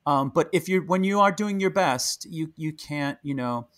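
Chatty, higher-voiced middle-aged man. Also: moderate pace. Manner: animated, chatty storyteller with many fillers and restarts. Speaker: podcast guest, Broadway actor. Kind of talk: casual interview chat.

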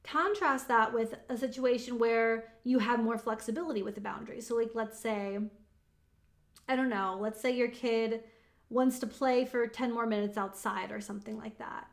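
A woman's voice: on the high side, steady tone, moderate pace. A young woman giving a casual motivational talk, chatty and emphatic, with lots of "like" fillers. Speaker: motivational speaker on manifesting.

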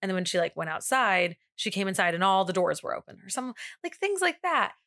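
A woman with a bright, forward voice co-hosts a podcast and tells a story casually. She wanders through details and fills gaps with "like." The sound is close and dry, with no room around it. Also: medium pitch, big pitch swings, fairly quick, dry recording. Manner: chatty, retells events loosely with many "like" fillers. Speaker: podcast co-host.

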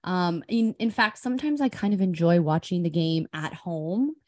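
A woman's voice: on the low side, moderate pace, darkish tone, dry recording. Woman co-host, easygoing, rambly, lots of fillers, dry sound. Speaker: podcast co-host. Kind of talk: casual chat.

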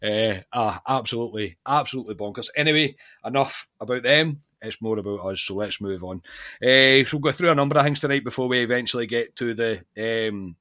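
A Scottish man hosting a casual podcast chat, talking in an animated, exasperated way. He restarts his sentences often while he builds up his opinions. His pitch sits at an ordinary middle height. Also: brisk. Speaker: podcast host.

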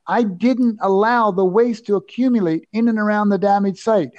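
An older man telling a personal story as an interview guest, animated, emphatic and self-assured. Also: high voice, moderate pace, few pauses, no echo, dull audio. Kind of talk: anecdotal storytelling.

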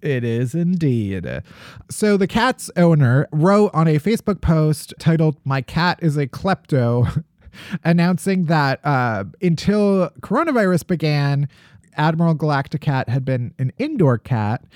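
A man co-hosting a podcast, telling strange news stories in a jokey, animated way. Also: on the high side, measured pace, no echo, studio quality. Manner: jokey, animated storytelling with laughs. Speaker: podcast co-host. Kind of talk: casual comedic news chat.

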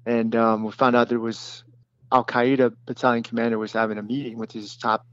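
Man slowly recounting a combat story. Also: medium pitch, little pitch movement, fairly bright tone, no echo, muffled recording. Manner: plain, halting storytelling with many fillers and restarts. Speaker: former special forces detachment commander.

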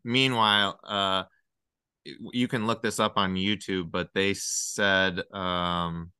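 A man talking as a podcast guest in casual chat, rambling excitedly through one number theory after another. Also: deep voice, slow, clean tone, dry recording, clean studio sound.

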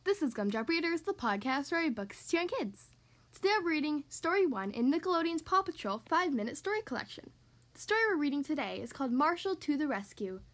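A woman hosting a podcast, reading a picture book aloud to young children in a bright, expressive storytelling manner. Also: high-pitched, quick pace. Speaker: podcast host reading to kids.

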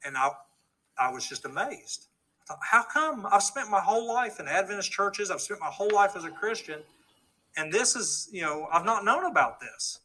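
A man's voice: high voice, very animated, moderate pace, pushed and bright, poor audio. A middle-aged man earnestly telling his testimony story to a live audience, acting out the dialogue he quotes. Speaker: speaker giving a testimony.

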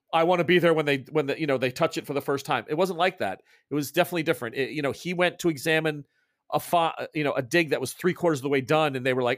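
A man's voice: medium pitch, no echo, studio quality. A man running a tabletop horror game as game master, rambling with lots of restarts and asides.

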